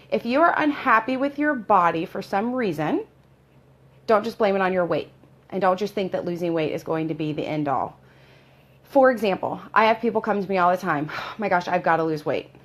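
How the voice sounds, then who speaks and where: A middle-aged woman speaks straight to camera as a personal trainer. Her voice sits a little low, and her delivery is earnest and emphatic, like a coach pushing clients. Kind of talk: casual talk to camera.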